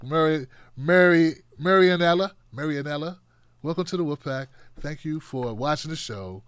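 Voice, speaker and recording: Male live-stream host, high voice, bone-dry sound; sarcastic, animated chat-reading. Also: moderate pace, smooth, dry recording. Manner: animated, sarcastic, swinging between loud outbursts and muttering. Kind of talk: live-stream commentary reading viewer comments.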